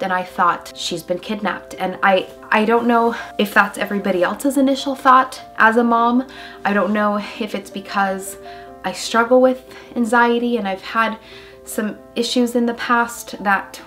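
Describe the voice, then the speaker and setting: A young woman vlogging as a mother, telling a personal story in an emotional, halting way with many fillers. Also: medium pitch, fairly bright tone. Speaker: mom vlogger.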